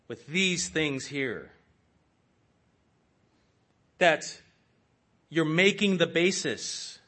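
Guy preaching a sermon, earnest and rhetorical, keeps saying saints, bright voice. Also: fairly high pitch.

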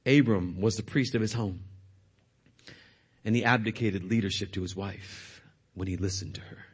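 A man's voice: fairly low pitch, normal speed, slightly rough. A male pastor preaching a sermon, retelling scripture expressively.

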